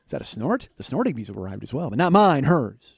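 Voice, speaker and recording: Animated, swearing male comedy podcaster. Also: medium pitch, quick pace, creaky, slightly rough. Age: 40s. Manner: animated, swears, laughs at himself. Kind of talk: comedic storytelling monologue.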